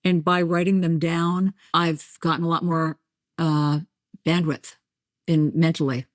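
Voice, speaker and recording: This middle-aged woman, a journalist from New Jersey, keeps a light New Jersey accent. She speaks in a somewhat low voice, telling stories candidly, acting out other people's lines and laughing at herself. Her voice is recorded close and dry. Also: a little slow, no room sound. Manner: animated storyteller, acts out voices, self-deprecating. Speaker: podcast guest, journalist and author. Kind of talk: candid conversational interview.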